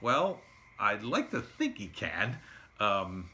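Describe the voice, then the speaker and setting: This is a man talking off the cuff in a blunt, sarcastic monologue, chuckling at his own jabs. His voice is bright and forward, and his pitch moves a lot as he mocks the other side. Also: huge pitch swings, slow. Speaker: political commentator. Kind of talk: casual opinion monologue.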